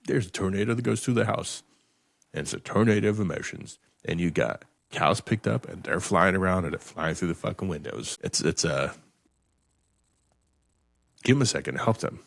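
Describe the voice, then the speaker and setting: Low-voiced guy on a podcast, swears a lot, keeps restarting his words, dry room. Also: creaky, dry recording. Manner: profane, emphatic, repeats words when restarting. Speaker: podcast host. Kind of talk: blunt motivational podcast talk.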